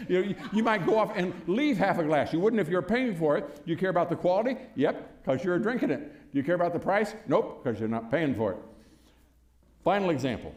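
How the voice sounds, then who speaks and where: Older male speaker, slightly high voice, folksy anecdotal speech style with chuckles, reverberant hall. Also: expressive, a little fast, a little mellow. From United States. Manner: storytelling, chuckling, punchy rhetorical questions. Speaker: former congressman giving a speech. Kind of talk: folksy public speech to an audience. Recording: echoey hall.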